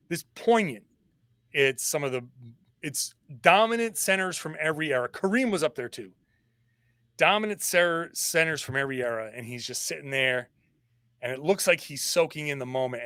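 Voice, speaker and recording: A man guesting on a sports podcast, telling stories in an animated, conversational way. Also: on the high side, clean tone, no room sound. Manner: animated storytelling. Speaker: podcast guest, fellow host. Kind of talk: casual sports podcast discussion.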